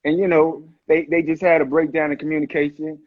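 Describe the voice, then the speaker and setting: A man's voice: a little high, level tone, brisk, phone-quality sound. A man on a casual live chat, playful and slangy, often slipping into quoted voices. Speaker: actor guest on a live chat. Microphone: livestream call audio.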